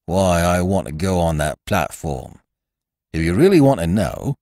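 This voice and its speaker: A man voicing a stolid, severe male village constable who speaks bluntly and gruffly. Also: deep voice, very animated, measured pace, darkish tone, no echo, clean studio sound, full character voice. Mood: suspicious.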